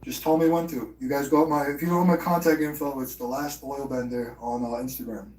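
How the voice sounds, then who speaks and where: A man's voice: mid-range voice, fairly even intonation, brisk, a little mellow. A man hosting a live stream, rambling in profane casual chat and slipping into mock impressions. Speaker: livestream host. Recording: roomy, distant from the mic.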